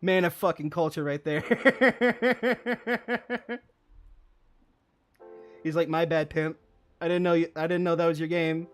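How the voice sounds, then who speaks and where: A man's voice: on the high side, slow, long pauses, soft background music. A young man streaming while he builds models, telling a long funny story in casual chat, laughing and swearing often.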